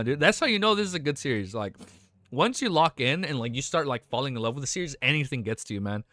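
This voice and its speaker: A man's voice: mid-range voice, sing-song, fast talker, sharp tone, no echo. A young man streaming live, reading a novel aloud and reacting in a casual, emotional, swearing way. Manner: casual and swearing, often emotional, exclaims "dude".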